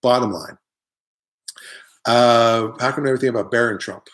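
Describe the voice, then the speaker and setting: A man's voice: mid-range voice, moderate pace, fairly bright tone. Rambling, opinionated middle-aged comic man. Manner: rambling, opinionated, jokey asides. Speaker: comedian hosting a live online show. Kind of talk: casual comic monologue reading viewer comments.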